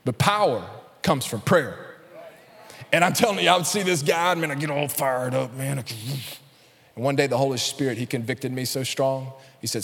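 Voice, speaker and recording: A male pastor preaching a sermon to his congregation, building up to loud, emphatic calls and addressing the crowd directly. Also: medium pitch, lively intonation, normal speed. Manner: preaching with rising intensity, calling out to the congregation. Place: large church hall. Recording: reverberant church hall.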